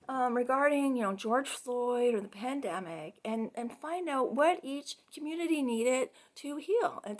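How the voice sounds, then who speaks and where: A middle-aged woman with a high voice talks through a class case presentation as a counseling student. Her speech is loose and chatty, full of "you know" and "um", and she often breaks into laughs. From Canada.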